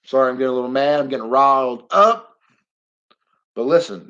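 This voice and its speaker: A middle-aged man talks off the cuff on a live stream, blunt and rambling, quick to get heated and let a curse slip. His voice sits at an ordinary middle pitch. The sound is dull and lo-fi, like cheap streaming audio. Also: fairly bright tone, soft background music. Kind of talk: casual live-stream monologue.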